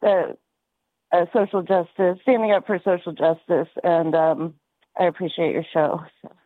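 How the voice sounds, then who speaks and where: A woman in her late thirties calling into a radio show, speaking hesitantly with many pauses and fillers. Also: on the low side, steady tone, dry recording. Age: 30s. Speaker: caller. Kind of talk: phone-in call. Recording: tinny phone line.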